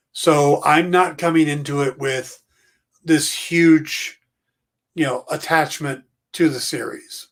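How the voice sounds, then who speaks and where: A man co-hosting a podcast, chatting casually in a relaxed, slightly hesitant way. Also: a little high, slow. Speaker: podcast co-host. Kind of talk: casual chat.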